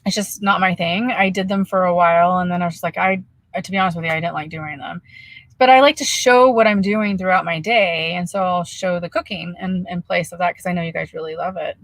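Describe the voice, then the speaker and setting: A woman's voice: fairly low pitch, steady tone, brisk, no echo. A woman vlogger hosting a casual live-stream Q&A, chatty and easygoing, reading out viewer comments as she answers, recorded in her camper van.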